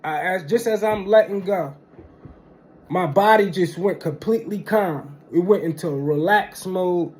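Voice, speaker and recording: A young man telling a casual storytime monologue, animated and slangy, punctuating with "boom" and "bang". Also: measured pace.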